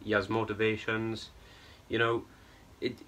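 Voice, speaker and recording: A man's voice: on the low side, monotone, measured pace, fairly bright tone. A young man giving a casual, exasperated film review, rambling and tagging his points with "right?" and "bro". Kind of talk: ranting film review vlog.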